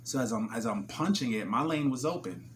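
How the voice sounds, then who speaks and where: Animated New Jersey man telling a story. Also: mid-range voice, a little fast, slight background noise. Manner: animated, profane, acts out scenes. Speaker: vlogger. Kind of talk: casual storytelling vlog.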